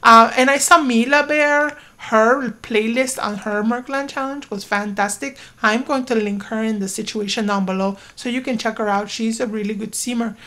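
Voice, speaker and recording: A woman giving casual let's-play commentary, excitable and talking to her game characters, with sudden loud outbursts. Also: on the high side, moderate pace, hardly any pauses. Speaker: gaming YouTuber.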